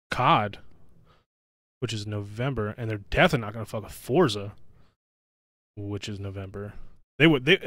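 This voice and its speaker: A man's voice: mid-range voice, fairly bright tone, no room sound. A man co-hosting a casual gaming podcast, talking bluntly and swearing freely. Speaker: podcast co-host. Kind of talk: casual chat.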